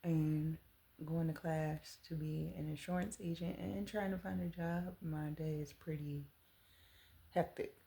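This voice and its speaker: A woman in her thirties telling a personal story to the camera, earnest and animated as she retells it. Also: low-pitched, a little slow, gravelly. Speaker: vlogger.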